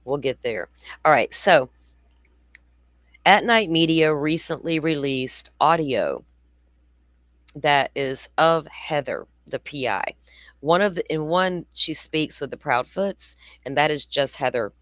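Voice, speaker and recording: A woman's voice: sits low, animated, slow, no room sound. A woman in her forties hosting a true crime show, talking in a chatty, blunt way with rambling asides. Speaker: true crime podcast host. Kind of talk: casual livestream commentary.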